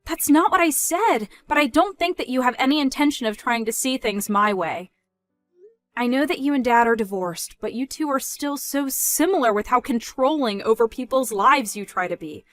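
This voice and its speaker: Woman as a young independent daughter, measured, firm, dry close sound. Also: sits high, animated, no room sound, soft background music. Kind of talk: scripted story dub.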